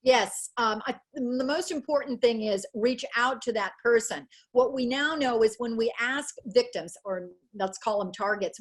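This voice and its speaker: A fairly high-pitched woman talks at a moderate pace with hardly any pauses. As the guest educational psychologist on a video-call webinar, she speaks earnestly and emotionally, acting out the people she describes.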